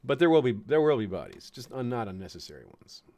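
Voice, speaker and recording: A man's voice: medium pitch, very animated, fast, mellow. A man from the United States giving chatty, chuckling commentary on a strategy game, fond of puns. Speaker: game streamer.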